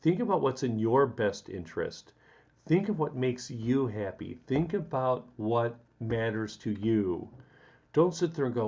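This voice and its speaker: This Chicago-area livestream host has a medium-pitched, slightly mellow voice that moves through wide pitch swings at an unhurried pace. His casual chat drifts along as he laughs, names viewers, and vents about current events, all over dull, lo-fi audio.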